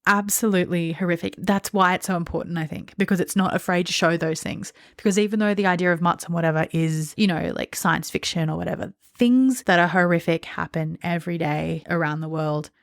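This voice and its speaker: A woman co-hosts a casual book podcast, talking earnestly and thoughtfully and leaning on plenty of fillers. Her voice sits a little low for a woman. The sound is dry and close, with no room around it. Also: a little fast, few pauses, dry recording. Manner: earnest, thoughtful, many fillers like "like" and "you know". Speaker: podcast co-host.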